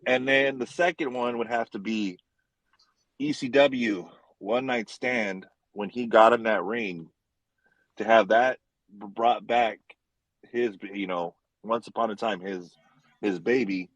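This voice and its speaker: A man's voice: lowish voice, a little slow, fairly bright tone, no echo, rough recording. A man in a casual podcast chat, rambling and laughing as he recounts things.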